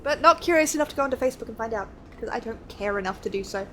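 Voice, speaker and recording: A woman's voice: on the high side, animated, rapid-fire, noisy background. A woman chatting casually while playing a video game, rambling and laughing between asides. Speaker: game streamer. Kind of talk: casual game playthrough commentary.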